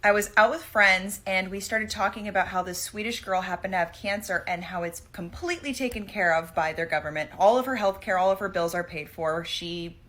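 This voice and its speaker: A woman's voice: medium pitch, brisk, few pauses, fairly bright tone. A woman telling a personal story to camera in a casual, chatty way.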